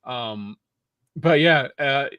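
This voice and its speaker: A man's voice: mid-range voice, drawn-out words, smooth, no room sound, dull audio. Stammering male podcast co-host. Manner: stammering restarts, casual swearing. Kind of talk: casual review chat.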